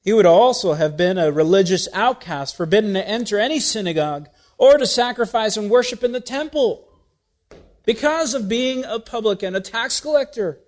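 Male preacher, higher voice, expressive sermon delivery, rises and drops in volume. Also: moderate pace. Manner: expressive, rhetorical questions, wide swings in loudness.

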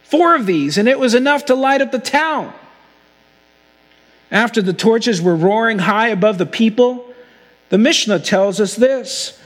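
A man preaching a sermon as pastor, earnest and slowing down to stress key phrases. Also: very high-pitched, animated, long reverb tail. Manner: earnest preaching, slows for emphasis.

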